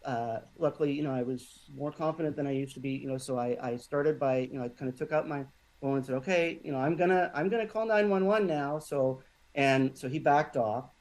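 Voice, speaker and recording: A man in a casual podcast conversation, telling a personal story in a halting way, with many restarts and fillers. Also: medium pitch, a little mellow, rough recording. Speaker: podcast guest.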